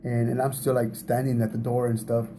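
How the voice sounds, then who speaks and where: Conversational man with a very dark voice. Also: mid-range voice, level tone, fairly quick, slight background noise. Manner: conversational, repeats words, laughs at himself. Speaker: speaker teaching on relationships. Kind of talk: casual teaching talk.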